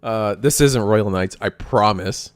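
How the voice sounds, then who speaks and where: A man hosting a store card game tournament stream, giving chatty, excitable play-by-play commentary to his chat. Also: lowish voice, a little slow, clean tone, soft background music. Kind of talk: casual livestream play-by-play commentary.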